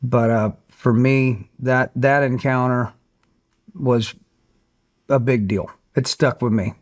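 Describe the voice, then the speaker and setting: A middle-aged man with a drawl tells a story in an interview, slow and earnest. His voice sits at an ordinary pitch for a man. He brings the people in his stories to life as he talks. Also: steady tone. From Tennessee, USA. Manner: earnest storyteller, acts out quotes. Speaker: guest, country singer.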